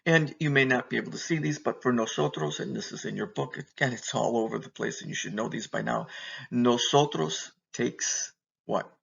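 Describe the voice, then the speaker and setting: A man's voice: medium pitch, normal speed, gravelly, fairly bright tone, breathy edge, highs cut off. A man teaching a Spanish verb lesson, patiently asking questions and answering them himself. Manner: patient, asks and answers his own questions. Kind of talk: recorded classroom lesson.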